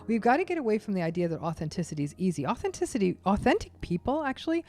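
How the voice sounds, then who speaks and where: A woman guest expert explaining narcissism in an interview, speaking emphatically and acting out quick quoted asides. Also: medium pitch, big pitch swings, warm tone. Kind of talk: interview conversation.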